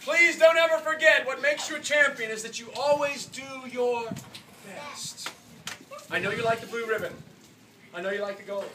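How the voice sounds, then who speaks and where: Speaking at a normal speed in a very high voice, this swim clinic coach, a man in his forties, delivers a heartfelt, lively motivational talk to kids. His volume sinks low, then surges, and the big indoor pool hall leaves the audio echoey, far-off and noisy.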